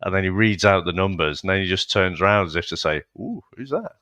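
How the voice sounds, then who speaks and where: A man who is a parent co-hosting a casual film-review podcast, musing out loud with hesitant asides and laughs. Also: sits low, fairly even intonation, quick pace, dry recording. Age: adult, a parent. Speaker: podcast co-host.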